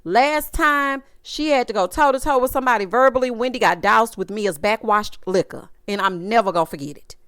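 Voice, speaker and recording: A woman's voice: a little high, brisk, few pauses, fairly bright tone, clear, resonant tone, no echo, clean studio sound. A woman giving a sassy, dramatic casual recap of a reality show, often mimicking the people she talks about.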